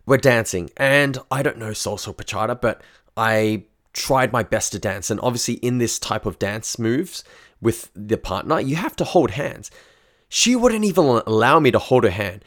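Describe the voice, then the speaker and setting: A man's voice: medium pitch, expressive, normal speed. A man telling a frank, casual first-person story, swearing freely.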